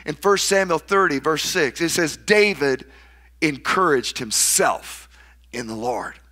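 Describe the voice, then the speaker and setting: Bright, fervent male preacher. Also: animated, unhurried. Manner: dramatic, acts out quoted voices with big swings in pitch and volume. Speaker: pastor. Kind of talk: sermon.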